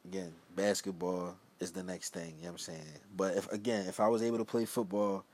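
A man's voice: low-pitched, little pitch movement, fairly quick, darkish tone. A young man, hosting his own show in a loose, rambling solo talk that keeps trailing off into mumbled asides. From Philadelphia. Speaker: podcast host. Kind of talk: casual solo monologue.

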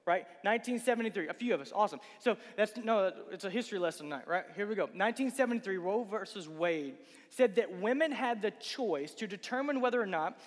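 A man preaching a casual youth sermon, asking the crowd rhetorical questions and acting out quick voices. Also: high-pitched, expressive. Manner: acts out voices of Bible figures and listeners. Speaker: youth pastor. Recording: long hall reverb.

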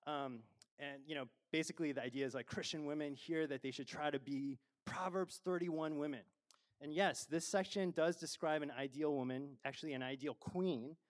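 A man's voice: a little high, steady tone, normal speed. A middle-aged man preaching a sermon as a pastor, conversational and self-deprecating, with frequent fillers and laughs.

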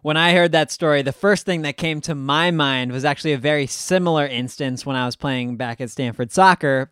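A man with a smooth, resonant voice and a slightly raised pitch reflects in a relaxed, conversational way. The sound is close and dry with no room echo. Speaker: podcast co-host. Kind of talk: casual podcast talk.

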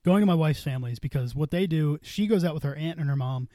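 Young male podcast co-host, quick and profane, rambling storyteller, dry close mic. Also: a little high, mellow, no room sound. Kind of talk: casual chat.

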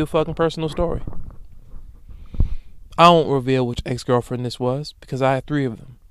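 A man's voice: mid-range voice, moderate pace, long pauses, clear, resonant tone, no echo. Young male podcast host, emphatic profane rant, resonant voice, dry close mic. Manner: emphatic, profane, with loud animated bursts. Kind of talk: solo comedic podcast rant.

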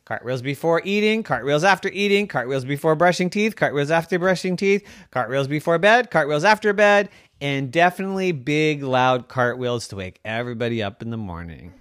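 A parent telling an improvised bedtime story in a playful, lively way that sometimes drops to a hush. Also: medium pitch, fairly quick, no echo, clean studio sound.

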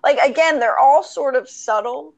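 A woman's voice: sits high, moderate pace, creaky, poor audio. A woman from the Philadelphia area, co-hosting a podcast in casual, filler-heavy chat. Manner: lively, filler-heavy talk with lots of "like". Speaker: podcast co-host.

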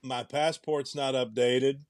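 Young guy co-hosting a podcast, rambles and restarts a lot, medium pitch, dry mic. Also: steady tone, takes it slowly, no echo. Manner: rambling, musing, with frequent restarts. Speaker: podcast co-host. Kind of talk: casual chat.

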